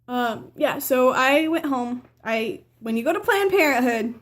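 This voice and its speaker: This teen vlogger's voice sits high with a fairly bright tone as she chats casually to camera about something that happened to her. She rambles, fills pauses, corrects herself, and performs her family's lines as quotes.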